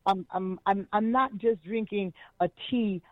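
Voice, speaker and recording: A woman's voice: mid-range voice, a little slow, no echo. A woman, a jazz singer, telling personal stories expressively as an interview guest, often repeating words as she starts a thought. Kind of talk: animated personal storytelling. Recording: tinny phone-like line, dry.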